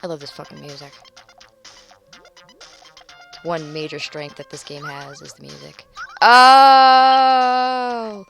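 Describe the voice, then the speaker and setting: A woman commenting on her own video game play, excitable and rambling, swearing loudly at the game. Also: sits low, normal speed, creaky, long pauses, highs cut off. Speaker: gaming channel host. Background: video game music.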